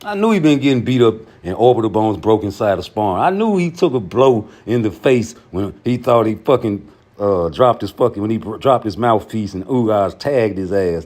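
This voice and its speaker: A man hosting a casual commentary show, talking in a profane, emphatic way that jumps high when he gets heated. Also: big pitch swings, normal speed, a little mellow. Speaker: show host.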